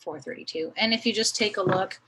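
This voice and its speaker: A woman's voice: mid-range voice, a little fast, fairly bright tone, a little hiss or hum, low-quality recording. A woman teaching a math lesson, thinking aloud as she draws a graph, with many fillers. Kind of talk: recorded screen lesson.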